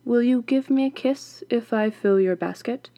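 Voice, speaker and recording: A gentle, earnest young man, as a woman voices him in a storybook, speaking lower and a touch louder than the narration. He sounds kind and a little sad. The sound is dry and close. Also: normal speed, no echo, close to an everyday voice. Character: kind young male witch's son. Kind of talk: storybook reading.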